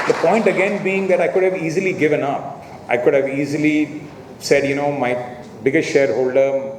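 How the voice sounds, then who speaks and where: A man's voice: mid-range voice, a little hiss or hum. A middle-aged man giving a convocation speech to graduates, telling a business story with acted-out dialogue and frequent "you know"s. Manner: anecdotal, acts out quoted dialogue, repeats words and says "you know". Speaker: convocation guest speaker. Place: large hotel ballroom. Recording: echoey hall, heard from afar.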